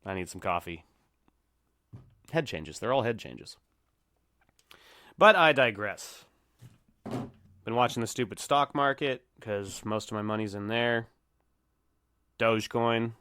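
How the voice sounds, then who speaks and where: A man's voice: fairly low pitch, lively intonation, takes it slowly, long pauses, sharp tone, clean tone. A man in his thirties hosting a casual solo podcast, rambling and laughing often at himself. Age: 30s. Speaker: podcast host. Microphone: headset or desk mic.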